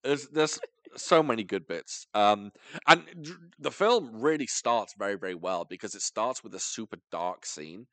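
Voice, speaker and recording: Male podcast host, casual reviewer, pitch swings all over, dry close sound. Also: expressive, sharp tone, no room sound. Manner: enthusiastic, rambling, quick asides. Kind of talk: casual film review chat.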